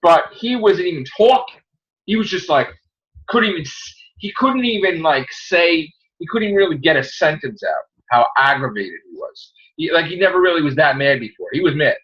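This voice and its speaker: A man hosting a casual podcast, telling stories in an animated way and acting out the people he quotes. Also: a little high, moderate pace. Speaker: podcast host. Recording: muffled lo-fi audio.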